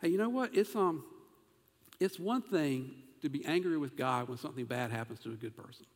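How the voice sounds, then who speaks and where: A man delivers an animated sermon from a church sanctuary, and his voice sits a touch above the usual male pitch. Now and then he turns to question the congregation directly. A long hall reverb trails each phrase. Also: a little fast. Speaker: pastor.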